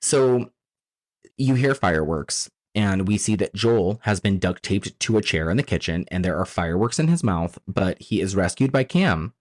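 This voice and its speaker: A man co-hosting a podcast, casually recapping a horror film's plot with excited, profane asides. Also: low-pitched, normal speed. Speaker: podcast co-host. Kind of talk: casual movie recap chat.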